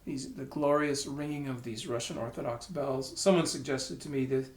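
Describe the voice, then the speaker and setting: A man's voice: mid-range voice, fairly even intonation, moderate pace. A man giving a casual piano lesson, thinking aloud and stopping to sing notes and syllables. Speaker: piano teacher. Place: room with a piano. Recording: roomy room with piano playing.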